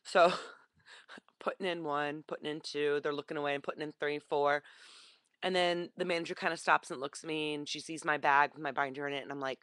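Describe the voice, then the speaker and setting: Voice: mid-range voice, steady tone, a little fast, a bit bright, no room sound. A vlogger telling a story casually into a webcam, acting out the voices of the people in it.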